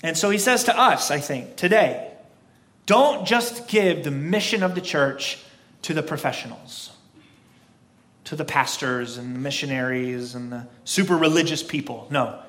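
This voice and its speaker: A man preaching a sermon as pastor, with an emphatic, repetitive cadence and slow, stressed phrases. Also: on the high side, fairly bright tone.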